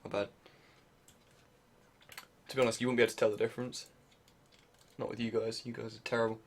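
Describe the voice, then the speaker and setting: A young man on a live stream with a medium-pitched voice, cracking crude jokes at his own expense. He mutters to himself and talks to his chat in a loose, casual way while his hands are busy. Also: flat delivery, brisk, slight background noise. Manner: crude joking, self-deprecating, muttering while working.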